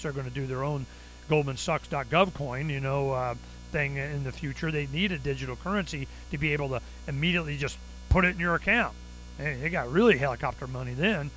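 A man talking through a casual monologue in a bright, forceful voice pitched a little high. He tells stories with sarcasm and acts out the people he quotes. A faint mains hum runs behind him. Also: low-quality recording. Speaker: commentary show host.

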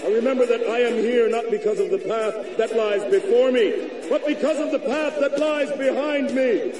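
A man playing a war leader who gives a solemn, rousing speech to fighters against machines, slow and swelling into shouts. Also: extremely high pitch, steady tone. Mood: defiant, rousing. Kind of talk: rousing film or game speech. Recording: echoey clip over music and crowd.

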